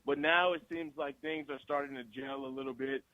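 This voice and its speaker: A man's voice: a little high, fairly even intonation, fairly quick, sharp tone, dry recording, highs cut off. A male guest actor in a casual radio interview, talking loosely and animatedly with frequent laughs.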